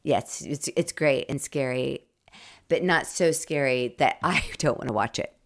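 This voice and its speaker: A woman co-hosting a podcast in relaxed chat, playful and teasing with her co-host. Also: extremely low pitch, moderate pace.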